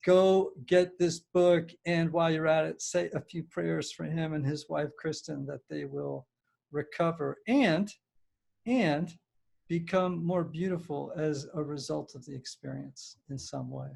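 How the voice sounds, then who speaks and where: Gravelly-voiced male podcast host. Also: fairly high pitch, a little slow, darkish tone. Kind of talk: conversational interview.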